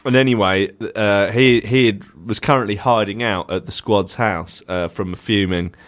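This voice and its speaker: A man with a low voice spins a ridiculous tale for his co-host. He keeps it deadpan and rambling, full of fillers. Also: moderate pace. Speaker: podcast co-host. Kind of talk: comic storytelling.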